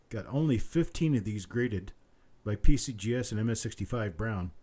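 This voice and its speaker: A man hosting a live coin auction, calling bids over and over between chatty asides, his voice a little rough tonight. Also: on the low side, lively intonation, mellow. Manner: repetitive rapid bid calling, chatty asides. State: slightly rough voice. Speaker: auctioneer and host.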